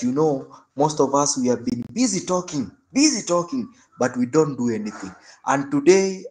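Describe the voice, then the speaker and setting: A male preacher delivering a sermon through animated storytelling and repeating phrases for emphasis. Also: mid-range voice.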